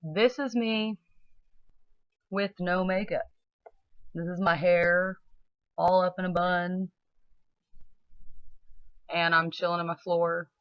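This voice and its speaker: A woman's voice: lowish voice, steady tone, slow, long pauses, no echo, lo-fi sound. A young woman with a Southern accent chatting casually to camera from her floor at home, blunt and laid-back with plenty of fillers. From southern United States. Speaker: model and vlogger. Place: home, sitting on the floor indoors.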